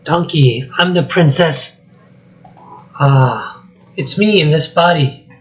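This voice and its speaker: A man voicing a cursed young princess while reading a script aloud, speaking softly and pleadingly. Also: a little high, slow, poor audio. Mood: earnest. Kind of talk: solo script reading with voices.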